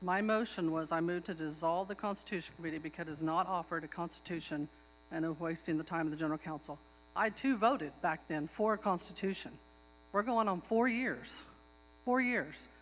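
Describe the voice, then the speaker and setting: A woman's voice: lowish voice, a little fast, slight background noise. A woman speaking up at a public tribal meeting, arguing her motion and repeating herself for emphasis. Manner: earnest, repeats herself when stressing a point. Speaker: tribal member making a motion. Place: outdoor pavilion. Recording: long hall reverb.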